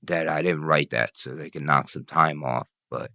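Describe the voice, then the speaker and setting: Guest, male, very low voice, dry sound, profane streetwise rambling. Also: steady tone, normal speed, vocal fry, bright, forceful tone, no echo. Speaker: interview guest. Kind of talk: casual storytelling.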